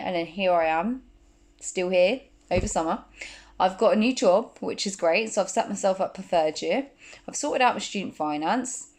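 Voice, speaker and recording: A woman in her twenties talking casually to camera as a vlogger, full of fillers and quick asides. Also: fairly low pitch, a little mellow. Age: 20s. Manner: chatty, many fillers like "like". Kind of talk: casual chat.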